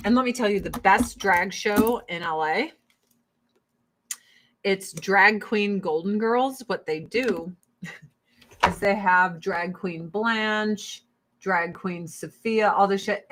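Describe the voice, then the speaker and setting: A woman's voice: mid-range voice, fairly bright tone, low-quality recording. A woman ranting casually on a livestream, swearing freely, laughing and reading viewer comments. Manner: profane, fiery, laughs often. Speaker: streamer.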